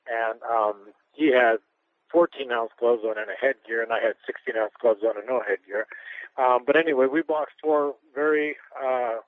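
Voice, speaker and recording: A man's voice: medium pitch, normal speed, no echo. A man who is a retired pro boxer, telling candid anecdotes in an interview, rambling with restarts and chuckles. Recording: tinny phone-line radio audio.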